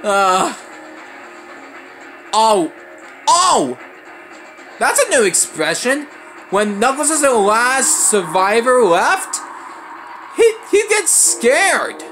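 A young man giving let's play commentary, excitable and often breaking into panicked high shouts. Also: very slow, long pauses, soft background music. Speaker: gaming channel host.

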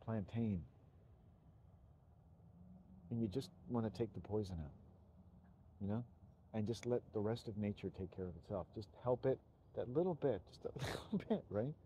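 Middle-aged man, earnest rambling monologue, deep mellow tone, swears now and then, faint vehicle hum behind. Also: animated, normal speed, pauses often, poor audio. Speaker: YouTuber. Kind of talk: personal reflective monologue.

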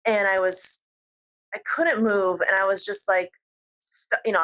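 A woman guest on an interview show, telling a personal story in a lively, giggly way. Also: medium pitch, unhurried, low-quality recording. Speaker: podcast guest.

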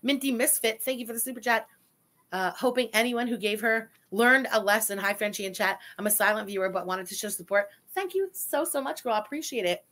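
A woman's voice: on the high side, a little fast, fairly bright tone. Blunt woman co-host reading chats. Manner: blunt, dismissive. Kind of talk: casual stream chat.

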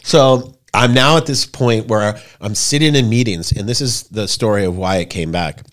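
Profane storytelling man in his forties. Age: 40s. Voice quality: profane, rambling, animated. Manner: acts out quoted voices with big pitch jumps. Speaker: podcast guest. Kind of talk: casual storytelling chat.

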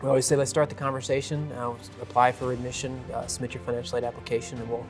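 A man's voice: mid-range voice, little pitch movement, quick pace, music in the background. A man, a college dean of admission, talking in an earnest, upbeat way with frequent fillers. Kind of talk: casual promotional chat.

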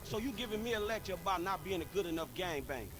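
Brief: a weary, exasperated young game hustler. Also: male voice, high voice, animated, quick pace. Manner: tired, exasperated.

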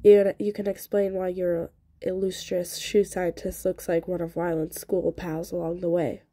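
Cold ruthless young gang boss man, curt and dismissive, a woman reading his lines, low mellow voice. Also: flat delivery, normal speed, no echo.

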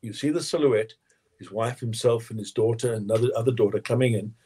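A man, a winemaker guest in an interview, telling lively anecdotes and acting out quotes with frequent laughter. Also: mid-range voice, fairly quick, breathy edge. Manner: animated storyteller, acts out quotes, laughs often.

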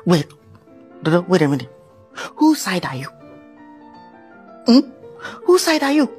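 A woman's voice: on the low side, sing-song, measured pace, darkish tone, soft background music. A woman playing a heartbroken, dramatic male musician in a comedy skit, wailing and repeating herself. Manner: wailing, melodramatic, repeats himself. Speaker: comic actor.

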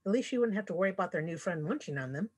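A woman author reading her own fantasy story aloud, expressive as a storyteller. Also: on the low side, very fast, slightly rough. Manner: expressive storyteller voicing characters.

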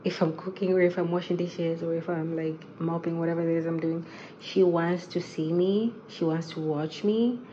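A woman chatting excitedly to her vlog viewers from home, with lots of fillers and asides. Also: low-pitched, brisk, few pauses, echoey room, dull audio, slight background noise. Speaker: vlogger. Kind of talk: casual vlog chat.

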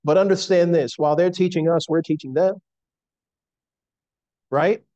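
A middle-aged man preaching a sermon in an earnest, slow and emphatic way. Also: fairly high pitch, fairly even intonation, warm tone, no echo, dull audio.

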